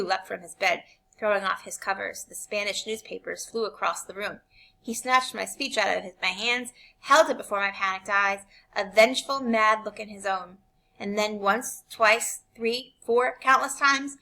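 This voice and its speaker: Woman reading a novel, gravelly and bright. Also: medium pitch, moderate pace. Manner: expressive, shifting between quiet and intense. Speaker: reader.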